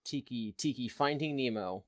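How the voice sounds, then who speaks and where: A man's voice: mid-range voice, normal speed, dry recording, studio quality. A man co-hosting a podcast, chiming in with wry jokes and questions in casual chat. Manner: wry, joking interjections. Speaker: podcast co-host.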